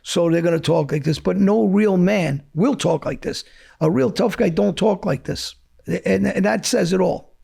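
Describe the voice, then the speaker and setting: A middle-aged man, answering as an interview guest with a gruff, profane edge. His voice is gravelly and husky, pitched a touch high for a man. He talks bluntly and picks a fight. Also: normal speed, dark tone. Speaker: interview guest, former mobster.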